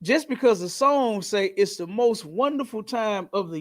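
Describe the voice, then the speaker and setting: A man hosting a podcast in casual, slangy talk, telling stories in an animated way. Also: high voice, moderate pace. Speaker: podcast host.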